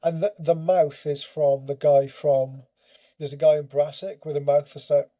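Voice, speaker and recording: A man's voice: a little high, flat delivery, normal speed, warm tone. A man from Wales, a filmmaker and actor guesting on a podcast, talking in a laid-back, agreeable way. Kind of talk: casual interview chat.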